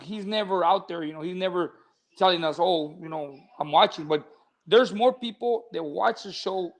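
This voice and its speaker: A man's voice: high voice, normal speed. A man who co-hosts a podcast as a boxing coach, talking in an easygoing way with many "you know" fillers. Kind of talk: casual podcast chat.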